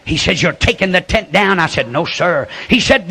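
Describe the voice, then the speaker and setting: An older man preaching a sermon as a folksy storyteller, building to shouts. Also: sits high, lively intonation, moderate pace, husky.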